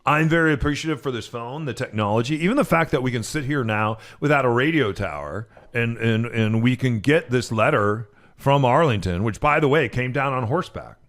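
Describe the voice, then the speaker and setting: A man's voice: medium pitch, lively intonation, brisk, a bit bright. A man co-hosting a casual talk show from a studio, talking in a rambling way with frequent restarts. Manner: rambling, stops and restarts often. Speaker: co-host. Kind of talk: casual talk radio chat.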